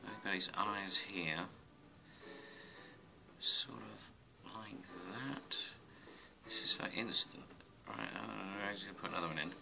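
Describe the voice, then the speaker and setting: Gravelly man muttering over a drawing. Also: lowish voice, steady tone, takes it slowly, very noisy. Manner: mutters to himself while working, rambling. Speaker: drawing tutor. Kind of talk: casual drawing tutorial. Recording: music playing underneath. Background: music.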